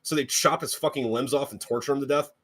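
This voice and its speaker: A man guesting on a casual podcast, retelling grim fairy tales in an animated, profane way and doing voices for the characters. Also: medium pitch, quick pace. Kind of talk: casual chat.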